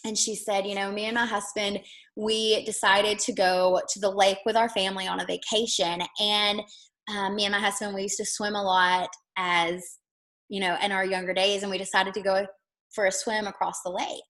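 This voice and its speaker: A woman's voice: mid-range voice, fairly bright tone. A young woman hosting an online workshop, talking casually and retelling stories in quoted voices. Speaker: workshop host. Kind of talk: casual teaching talk. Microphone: video call.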